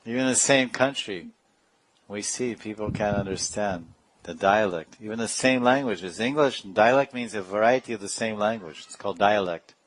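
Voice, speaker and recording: A man's voice: lowish voice, moderate pace, dry recording, low-quality recording. A man giving a sermon as a spiritual teacher, telling stories and now and then imitating other people's speech playfully. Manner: storytelling with playful imitations and laughs.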